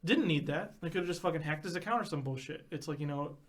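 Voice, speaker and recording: Fast-talking ranting man. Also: fairly high pitch. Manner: fast ranting, swears a lot. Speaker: podcast co-host. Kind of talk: casual chat.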